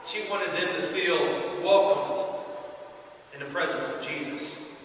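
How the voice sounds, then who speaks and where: A man's voice: high-pitched, unhurried, fairly bright tone, slight background noise. A man preaching a sermon to a congregation, emphatic, repeating key phrases and calling out to the church. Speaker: pastor. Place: large church hall. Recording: echoey hall from far off.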